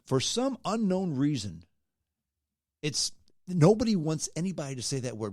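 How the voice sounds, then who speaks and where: A man hosting a solo podcast, his pitch swinging widely as he drives his points home. His speech is emphatic and conversational, often closing a thought with a challenging "okay?". The sound is close and dry, with no room around it. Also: wildly swooping pitch, moderate pace, darkish tone, no echo. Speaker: podcast host. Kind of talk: solo podcast opinion rant.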